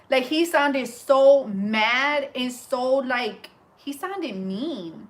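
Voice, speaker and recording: A young woman telling a story in a casual, animated way, full of fillers and restarts, while she works as a hairstylist. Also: high voice, takes it slowly. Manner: animated, breathless retelling with many fillers. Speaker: hairstylist and vlogger.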